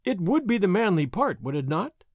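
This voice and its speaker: Man putting on a proud young señorita, sharp, high and lively. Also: normal speed, dry recording, studio quality, heavily acted. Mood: impatient. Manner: sharp, exasperated. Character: spirited young noble lady, impatient and proud.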